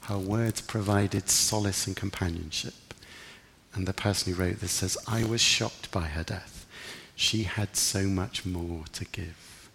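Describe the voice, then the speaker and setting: A man's voice: deep voice, fairly even intonation, a little slow, gravelly, fairly bright tone, big-room sound, a little hiss or hum. A man preaching a sermon in an earnest, reflective way, lifting his voice for emphasis. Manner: earnest, reflective, rising with emphasis in quoted prayers.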